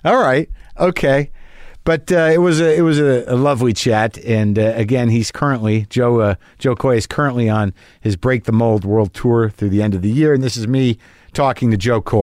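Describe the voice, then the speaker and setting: Male podcast host, casual and rambling, self-mocking, mid-pitched, dry close mic. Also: moderate pace, a little mellow, no room sound. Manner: rambling, self-deprecating, many fillers and restarts. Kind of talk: casual chat.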